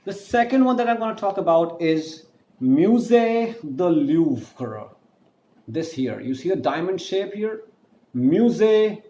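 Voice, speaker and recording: A man's voice: a little high, mellow. A man teaching an online French lesson, spelling words letter by letter and drawing out each pronunciation. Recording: echoey room with faint ambience.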